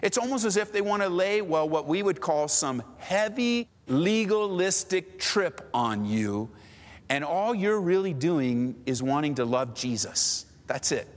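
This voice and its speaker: A man's voice: a little high, lively intonation, a little slow, big-room sound. A man preaching a sermon in a conversational way, acting out little scenes as he goes. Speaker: pastor.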